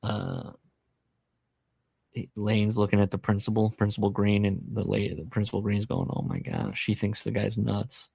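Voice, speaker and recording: A man's voice: lowish voice, little pitch movement, moderate pace, gravelly, dark tone, husky, dry recording. A man hosting a podcast, casually retelling a book's plot with jokey, self-deprecating asides. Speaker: podcast host. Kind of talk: casual book-discussion chat.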